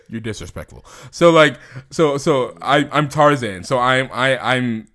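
Animated man in casual banter. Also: medium pitch, extremely slow, pauses often. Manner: animated, joking, laughs often.

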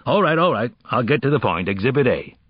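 A man's voice: medium pitch, sing-song, fairly quick, husky, dry recording, pitched above the performer's own voice. A man voicing a sardonic, brilliant middle-aged male criminalist who lectures in a dry, impatient way, in an audiobook. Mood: wry. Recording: dull, dry audiobook recording.

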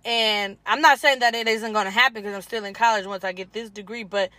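A woman's voice: mid-range voice, steady tone, a little fast, pushed and bright, no room sound. A woman, casually chatting as a podcast co-host and talking straight to her listeners. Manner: chatty, addresses listeners as y'all, laughs often. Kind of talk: casual chat.

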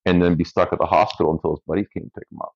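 Man, very deep voice, casual work story, dry humor, muffled dull audio. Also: rapid-fire. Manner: relaxed, dry storyteller who laughs at his own story. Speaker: firefighter paramedic guest.

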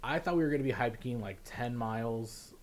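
A young man telling a story in casual chat, laughing often and mimicking officials in a lower, quieter voice. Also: fairly quick.

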